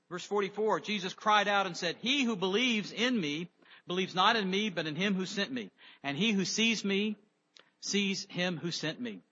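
A man preaching a sermon, emphatic, rising loud on key words and dropping low on others. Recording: dull lo-fi sound with long reverb.

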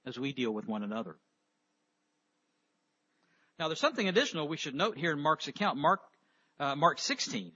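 Bright, husky-voiced male preacher. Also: a little high, big pitch swings, moderate pace, long pauses, muffled recording. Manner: reads scripture aloud, then explains it with rhetorical questions. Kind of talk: sermon.

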